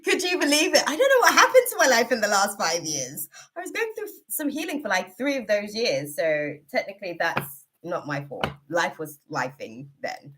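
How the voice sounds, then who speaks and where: A woman's voice: medium pitch, sing-song, moderate pace, a bit bright, a little hiss or hum. A woman hosting a live tarot reading, chatting casually and laughing often as she talks. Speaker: tarot reader, live-stream host.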